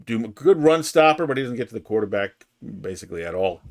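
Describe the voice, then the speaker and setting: A male sports podcast co-host who talks things through in a deliberate, list-like way. His pitch rises and falls a lot as he lays out each argument. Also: very animated, darkish tone. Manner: measured, builds points in lists. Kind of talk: casual sports chat.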